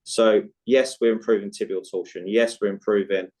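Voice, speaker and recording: A man with a lowish, darkish voice and fairly even intonation guests on a podcast as a movement coach for chronic pain, speaking at a moderate pace. He tells stories animatedly in conversation, acting out dialogue and often checking in with "right?". The recording is low quality.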